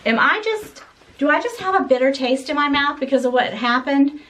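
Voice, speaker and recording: A middle-aged woman chatting to camera during an unboxing, animated and exasperated, talking straight to her viewers. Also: sits high, moderate pace. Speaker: fashion vlogger. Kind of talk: casual unboxing chat to camera.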